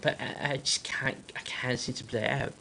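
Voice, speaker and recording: A man's voice: medium pitch, steady tone, normal speed, creaky, bright, forceful tone, a little hiss or hum. A man voicing a flustered father who stammers as he pleads for help. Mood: pleading.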